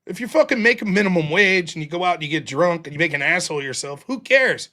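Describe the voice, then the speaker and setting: A man's voice: high-pitched, lively intonation, fast talker, sharp tone. An American man in his forties hosting a show, telling rowdy, profane stories and acting out the people in them. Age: 40s. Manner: profane, rowdy, acts out quoted voices. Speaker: show host. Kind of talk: casual storytelling monologue.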